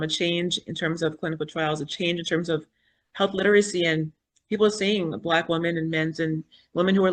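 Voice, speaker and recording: A woman in her fifties, a podcast guest, telling her personal story in an animated, earnest way and acting out the things she and others said. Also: deep voice. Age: 50s. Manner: animated, acts out quoted dialogue and inner thoughts; spiritual, earnest. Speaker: podcast guest, foundation founder.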